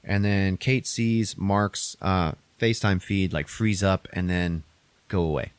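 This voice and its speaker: A man's voice: low voice, steady tone, a little slow, smooth, no room sound. A man casually recapping a movie on a podcast, rambling and profane, acting out characters' lines in a raised voice.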